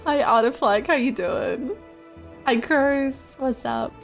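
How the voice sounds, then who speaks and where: A high-pitched woman chats to her stream viewers from her home setup, giggly and playful with a scattered, chaotic energy. She calls out hellos to everyone as quiet music plays underneath. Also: lively intonation, slow pace. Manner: giggly, chaotic, playful, greets chat by name. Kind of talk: casual live-stream chat with viewers.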